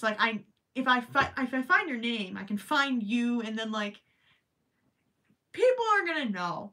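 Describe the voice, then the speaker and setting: Woman streamer, casual craft chat, bright voice, a little off-mic, swings from emphatic to hushed. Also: a little high, a little slow, pauses often, distant mic. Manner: animated, emphatic, trails off to near-whispers. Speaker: crochet live streamer.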